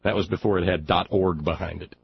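Hosting a talk radio show, an Alabama man reads a news story and breaks off for mocking, sarcastic asides in sardonic commentary. His low-pitched voice has vocal fry and fairly even intonation, moving a little fast, over dull audio with slight hiss or hum.

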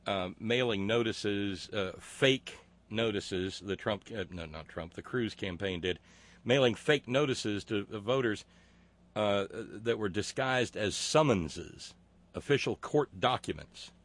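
A man hosting a political talk show, reading listener comments with sardonic, profane mockery and many halting filler words. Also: lowish voice, a bit bright.

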